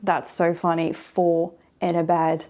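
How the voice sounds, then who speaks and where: A young English woman chatting playfully through a hotel room tour vlog, dropping into quiet murmured asides. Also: fairly low pitch, monotone, slow pace. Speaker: vlogger.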